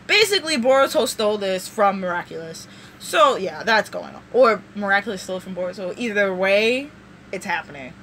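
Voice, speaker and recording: A woman vlogger recapping a show in casual, rambling, animated storytelling. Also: medium pitch, brisk, a little hiss or hum.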